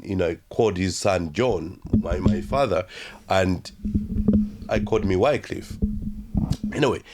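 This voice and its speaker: Low-voiced guy from uganda telling his story, lots of um you know and restarts, kinda slow going. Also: darkish tone, slight background noise. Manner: halting, many fillers and restarts. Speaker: guest. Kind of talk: storytelling interview.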